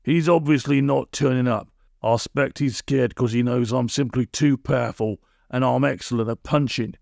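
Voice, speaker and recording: A man's voice: mid-range voice, moderate pace, gravelly, a little mellow, no room sound, clean studio sound, lightly acted. A man voicing a boastful, nasty old villain who talks in coarse broken grammar. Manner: coarse ungrammatical bluster.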